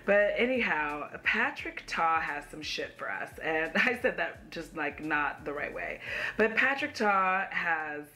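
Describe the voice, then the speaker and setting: A woman's voice: deep voice, animated, measured pace, bright, forceful tone. A young woman giving blunt, sassy makeup commentary from home, swearing casually. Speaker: beauty YouTuber.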